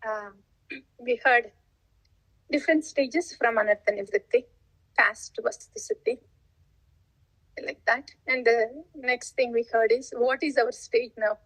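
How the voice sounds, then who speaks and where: Woman spiritual teacher, high voice, unhurried devotional talk with frequent laughs. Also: fairly bright tone, husky, dry recording, rough recording. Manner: laughs often, acts out listeners' replies; unhurried, asks rhetorical questions.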